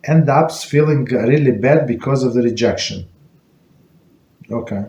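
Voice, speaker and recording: Guy teaching a relaxed class, lots of uhs and restarts, echoey room, bit of hiss. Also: mid-range voice. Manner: halting, many fillers and restarts. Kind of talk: informal Torah lesson. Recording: echoey room with faint noise.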